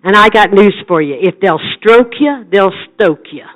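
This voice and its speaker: A woman's voice: mid-range voice, expressive, moderate pace, muffled recording. An older woman evangelist preaching a sermon with passion, building into rhythmic repeated calls. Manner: impassioned preaching, rising into rhythmic shouted repetition.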